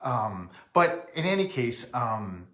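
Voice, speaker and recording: A man's voice: mid-range voice, sing-song, slow pace, fairly bright tone, roomy sound. A man from Rhode Island hosting a casual live stream, rambling and breaking off to greet viewers by name.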